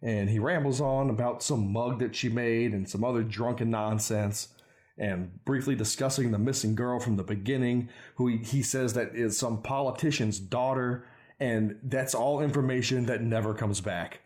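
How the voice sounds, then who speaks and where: A man's voice: mid-range voice, normal speed, darkish tone. A young man casually recapping a bad movie with sarcastic, swearing commentary. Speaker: podcast host recapping a movie. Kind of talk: casual chat.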